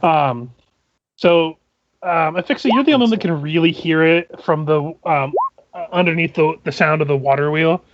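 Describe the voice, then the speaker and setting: A man serving as game master who narrates a tabletop game, describing scenes in a halting, methodical way. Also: fairly high pitch, highs cut off.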